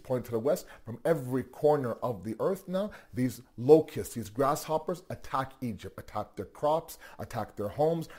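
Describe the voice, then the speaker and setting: A man telling a religious story in a sermon, animated, asking rhetorical questions and often restarting his sentences. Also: medium pitch, husky. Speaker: religious teacher.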